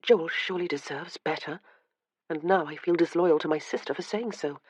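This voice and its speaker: A woman voicing Anna, an earnest, warm-hearted young noblewoman in an audiobook. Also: sits low, normal speed, slightly rough. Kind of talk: audiobook character reading.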